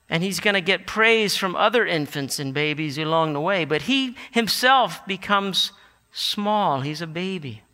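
A man with a high, ringing, very bright voice preaches a sermon, swelling into emphatic declarations. His words carry a long reverb, as though spoken in a big church sanctuary. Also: unhurried. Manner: animated, rising to emphatic declarations.

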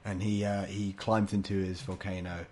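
A man narrating a tabletop game as game master, halting with many fillers. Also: deep voice, little pitch movement, darkish tone, a little hiss or hum.

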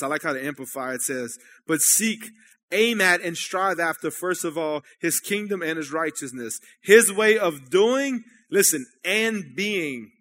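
A man preaching in a church service, his voice sitting high and ringing bright. He talks to the congregation like friends, asking "amen?" and checking they're still following. The delivery is loose and conversational rather than formal. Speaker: pastor. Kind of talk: sermon.

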